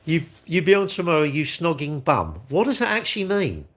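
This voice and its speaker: A man's voice: fairly high pitch, wildly swooping pitch, brisk, a bit bright. A man, chatting casually on a live stream, rambling and blunt as he answers comments. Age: 60s.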